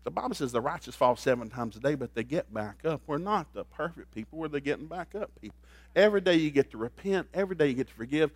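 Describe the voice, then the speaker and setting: A man preaching a sermon, telling stories in an animated way and laughing at them. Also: fairly high pitch, fast talker, husky, no echo. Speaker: pastor. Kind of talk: storytelling sermon.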